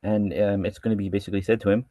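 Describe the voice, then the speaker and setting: A man's voice: fairly low pitch, steady tone, rapid-fire, mellow, no room sound. A man teaching a verse-by-verse scripture lesson who reads each Arabic line and then explains it casually, often restarting his sentences. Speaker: religious studies teacher.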